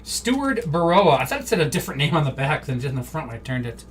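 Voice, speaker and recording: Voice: medium pitch, big pitch swings, fast talker, far from the mic, a little hiss or hum. Chatty card-break host from Wisconsin. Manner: chatty, rambling, easily amused. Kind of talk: live-stream casual chat. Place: indoor room.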